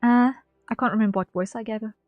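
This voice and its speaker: A woman's voice: fairly high pitch, fairly even intonation, quick pace, dry recording, narrow, tinny audio, faint music behind. A young woman streaming from home at her desk mic, chatting casually while playing, rambling and correcting herself. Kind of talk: casual gameplay commentary.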